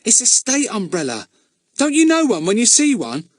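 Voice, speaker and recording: A man's voice: very high voice, wildly swooping pitch, normal speed, no echo, studio quality, voice pushed up, full character voice. A man voicing Ern, an anxious, earnest boy eager to please, in a storybook reading. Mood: eager pleading.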